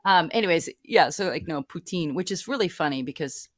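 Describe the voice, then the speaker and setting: A woman's voice: fairly low pitch, animated, a little fast, no echo, clean studio sound. A woman chatting casually on a talk show, telling travel stories with lots of laughter. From California. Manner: chatty storyteller, laughs often. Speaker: show regular. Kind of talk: casual chat.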